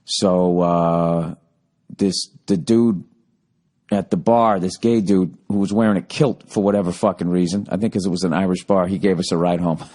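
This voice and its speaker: A man's voice: low voice, steady tone, normal speed, a little mellow. A man hosting a podcast, telling a story in a casual monologue, ranting and swearing freely. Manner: profane, ranting. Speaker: podcast host.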